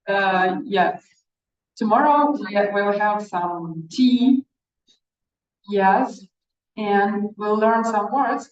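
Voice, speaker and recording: Slow, patient woman teacher. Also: medium pitch. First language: Russian. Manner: slow, patient, repeats words for learners. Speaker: Russian language teacher. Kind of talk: classroom language lesson. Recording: roomy, distant, dull room sound.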